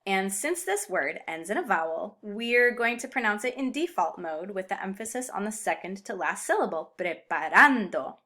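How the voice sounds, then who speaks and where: Woman, Spanish teacher, bright voice, lively pitch, playful explainer tone. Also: normal speed, hardly any pauses. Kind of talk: explainer video lesson.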